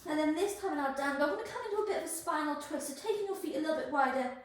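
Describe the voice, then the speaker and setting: High-voiced woman teaching yoga, out of breath, encouraging, lots of room echo, mic kinda far. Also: racing, a little hiss or hum. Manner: encouraging, cueing poses and breaths. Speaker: yoga instructor. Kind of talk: guided yoga class instruction.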